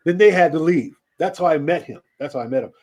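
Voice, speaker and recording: A man's voice: a little high, fast talker. A man who hosts a radio show, telling casual stories in an interview with lots of laughs and swearing. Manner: animated, laughing, swearing storyteller. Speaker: radio host being interviewed.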